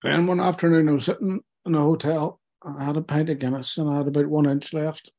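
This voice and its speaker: Tearful man, husky and mellow. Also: a little high, flat delivery. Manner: candid, self-mocking, halting with fillers. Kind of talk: personal storytelling to an interviewer.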